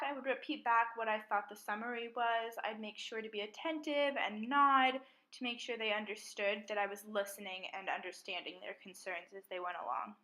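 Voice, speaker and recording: A young woman with a bright, clear-toned voice pitched a little high, speaking calmly in a measured, methodical manner. She works through a spoken reflection on her own mediation practice as a student. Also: poor audio.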